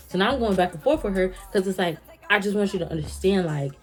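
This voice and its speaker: A young woman vlogger telling a casual storytime rant, acting out both sides of an argument in an animated way. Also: medium pitch, fast, faint music behind.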